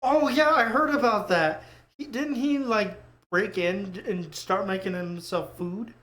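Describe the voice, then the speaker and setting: A podcast co-host trading deadpan quips and swearing freely in casual chat. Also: medium pitch, unhurried. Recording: roomy echo.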